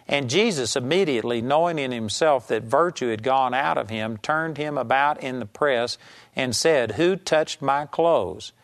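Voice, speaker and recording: A Bible teacher delivers a sermon series on healing in a conversational, emphatic manner, slowing down to read scripture aloud. His voice is medium-pitched and a bit bright.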